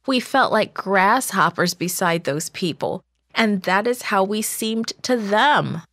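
A woman's voice: mid-range voice, animated, slow, a bit bright, no room sound. A woman reading as discouraged complaining spies. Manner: complaining, fearful. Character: discouraged, fearful male spies.

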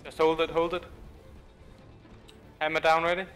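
A man streaming a game and making quick, excited callouts to his team over voice chat. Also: on the high side, soft background music. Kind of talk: gaming voice chat.

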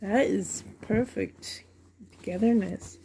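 Taking her time, a woman unboxes a doll for her vlog at home, a reborn doll collector who gushes happily and often sinks into a whisper. Her voice is medium in pitch and mellow, with a slight hiss or hum.

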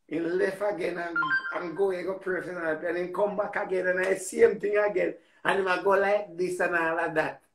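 A man with a Jamaican accent telling a story in a casual, animated way, repeating words and swearing freely. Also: high-pitched, reverberant.

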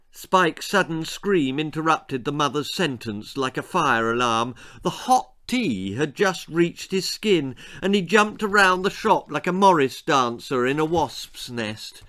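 Brief: male author narrating a comic storybook, animated, unhurried. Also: on the high side. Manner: theatrical, comic. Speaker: author reading his story.

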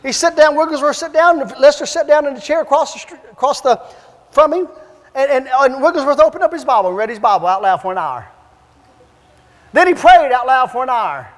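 A man evangelist preaching and telling stories in an animated, repetitive, emphatic way in a church. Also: very high voice, brisk. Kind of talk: preaching with storytelling. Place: church sanctuary. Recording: long church-hall reverb.

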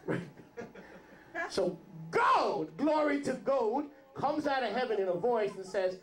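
A man's voice: very high voice, big pitch swings, slow, fairly bright tone. A man teaching as a rabbi in a sermon, joking and asking his congregation questions. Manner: joking, conversational, asks the audience questions. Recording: roomy hall.

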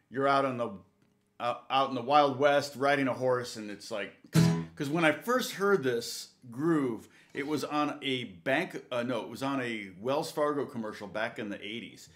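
A man's voice: medium pitch, fairly bright tone. Chatty man teaching guitar live. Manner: rambling, chatty, counts beats aloud. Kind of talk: casual live guitar lesson. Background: guitar playing between talk.

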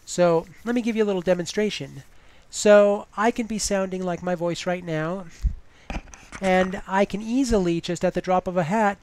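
A woman's voice: on the low side, normal speed, darkish tone. A woman giving advice in a casual vlog, chatty and full of "you know" fillers.

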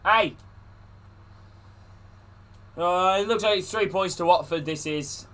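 A man's voice: high-pitched, normal speed, fairly bright tone. A man live-streaming a football video game, calling the play and greeting his chat viewers. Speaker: gaming streamer.

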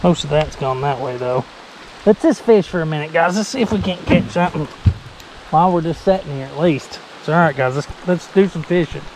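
A man's voice: a little high, brisk, a little hiss or hum, low-quality recording. A man in his late thirties with a Southern US accent, chatting and joking to camera while fishing outdoors on a lake. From Tennessee, United States. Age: late 30s. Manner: chatty, rambling, jokey, laughs nervously. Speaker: fishing vlogger. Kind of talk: casual running commentary to camera. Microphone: action camera. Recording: loud rain on an action camera. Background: heavy rain.

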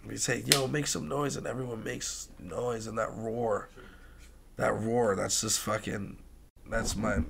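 A young man chatting casually as a podcast guest, swearing freely and swinging from soft talk to loud, laughing bursts. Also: fairly low pitch, level tone, measured pace, vocal fry, a little hiss or hum. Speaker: guest, music producer and tattoo artist.

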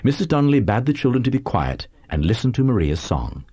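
Man reading an audiobook, deep-ish mellow voice, dry close sound. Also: husky, dry recording. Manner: measured literary reading with lively phrasing. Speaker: audiobook narrator. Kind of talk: scripted audiobook narration.

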